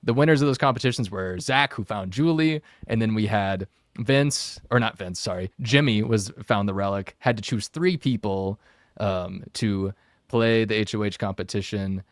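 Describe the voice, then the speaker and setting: A man's voice: fairly low pitch, moderate pace, no room sound, studio quality. A man hosting a casual podcast discussion, recapping a reality show in a chatty way with frequent fillers. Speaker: podcast host.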